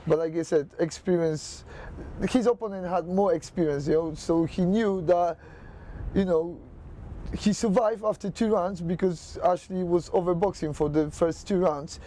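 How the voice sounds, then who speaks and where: A man's voice: sits high, normal speed, mellow, slight background noise. A man, a boxing coach, speaking in non-native English with many filler phrases in a documentary interview.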